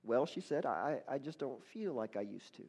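Male pastor, mid-range voice, retelling a story in a sermon, halting restarts, climbs into fervent praise. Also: medium pitch, animated, a little mellow, breathy edge. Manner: repeats and restarts words often, rising to fervent praise.

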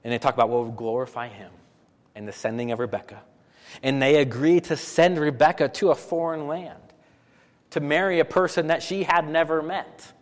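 A man preaching a sermon as pastor, animated and full of rhetorical questions, often repeating phrases for emphasis. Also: fairly high pitch, normal speed, big-room sound.

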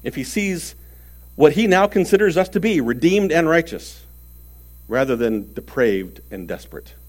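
A man preaching a sermon earnestly, stressing words and swinging between loud and soft. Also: a little high, lively intonation, normal speed.

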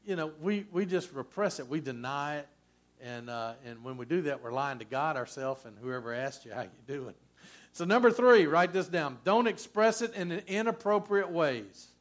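A man preaching a sermon as a pastor, conversational and folksy, with frequent asides to the congregation. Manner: conversational preaching, folksy asides, lively swings in pitch and loudness.

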